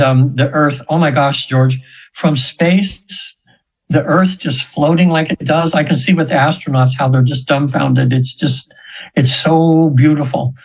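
A man in his seventies, a hypnosis practitioner, telling stories in a chatty, rambling way with laughs and quick high voices for the people he quotes. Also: slightly rough, low-quality recording. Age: 70s. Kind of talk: storytelling in an interview.

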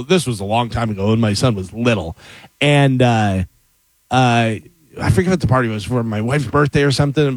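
A man's voice: mid-range voice, dry recording. A middle-aged man telling stories in a casual chat with friends, acting out other people's voices as he goes. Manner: animated storyteller who acts out other people's voices.

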